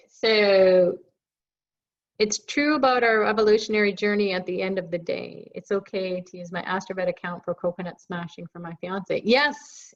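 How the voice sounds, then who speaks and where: A woman's voice: medium pitch, fairly bright tone. Chatty woman hosting a lo-fi live Q&A. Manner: chatty and reassuring, with self-teasing jokes. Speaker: live show host answering viewer questions. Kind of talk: casual live Q&A. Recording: dull lo-fi stream audio.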